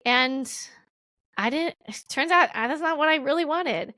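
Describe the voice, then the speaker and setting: A woman in her thirties telling her own business story as a podcast guest, acting out past conversations in a lively voice. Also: moderate pace, no room sound. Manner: animated, acts out her own past dialogue with big pitch jumps. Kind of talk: casual storytelling interview.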